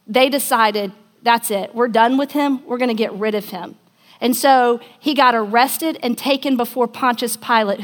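Brief: woman preacher with a fairly high voice, conversational storyteller, acts out the quotes in her sermon.

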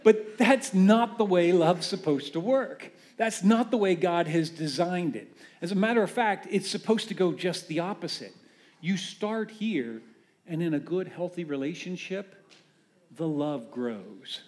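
A man preaching a conversational sermon as a pastor, animated and full of rhetorical questions. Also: high voice, unhurried.

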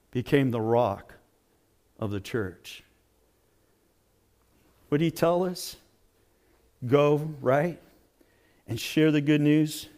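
A man pastor preaching a sermon in an animated, conversational storytelling way. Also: medium pitch.

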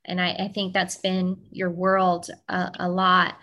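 A woman's voice: on the low side, monotone, a little slow, sharp tone, highs cut off. A woman hosting a faith talk show, asking her guests affirming, reflective questions. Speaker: host.

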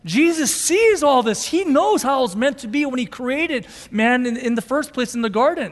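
A male pastor preaching a sermon with emotion, going from loud, intense passages to quiet, soft ones. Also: extremely high pitch, lively intonation, moderate pace, hardly any pauses, in a large hall.

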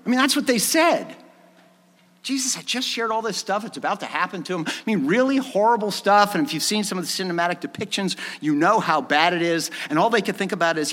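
Animated, high-voiced preacher in a hall. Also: male voice, brisk. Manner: animated storytelling, acting out the dialogue. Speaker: pastor. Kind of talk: sermon. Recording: long hall reverb.

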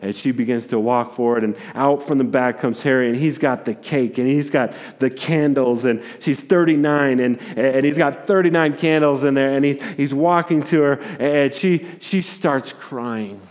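A man preaching a sermon, telling a story in an animated way with repeated words. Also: mid-range voice, moderate pace, few pauses. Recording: long hall reverb.

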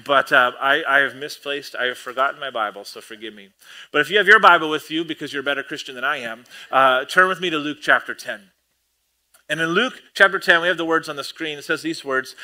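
A male pastor preaching a sermon with a high, sharp, bright voice. He tells the story in an animated way, cracks self-deprecating jokes and stumbles over repeated words. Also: fast talker.

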